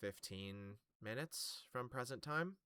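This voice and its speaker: A man's voice: medium pitch, expressive, slow pace, sharp tone, smooth. A man narrating as game master of a tabletop game, talking loosely and thinking aloud with fillers as he goes.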